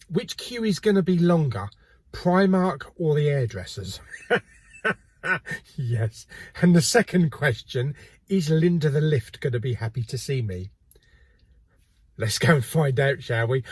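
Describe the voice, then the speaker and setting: Lively, cheeky man vlogging. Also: a little high, measured pace, long pauses, husky, no room sound. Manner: cheeky, jokey, swears casually. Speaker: video host. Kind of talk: casual vlog chat. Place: car and multi-storey car park.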